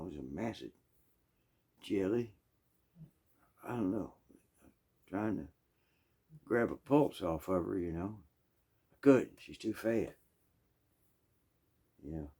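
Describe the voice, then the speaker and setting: Southern guy spinning a long rambling yarn, low mellow voice, keeps clearing his throat. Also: expressive, a little slow, pauses often. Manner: rambling and folksy, full of asides and throat-clearing. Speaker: musician telling a story. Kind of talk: casual storytelling.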